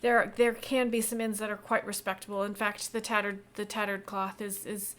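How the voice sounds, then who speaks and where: A woman's voice: mid-range voice, flat delivery, normal speed, fairly bright tone, lightly acted. A woman voicing a frazzled, suspicious working townswoman who stammers and bristles easily. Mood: flustered. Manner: flustered, stammering, indignant.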